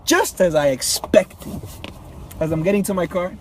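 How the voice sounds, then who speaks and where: A man's voice: high voice, expressive, moderate pace, no room sound. A young man vlogging, telling a story in a casual, rambling way, repeating himself and calling people bro.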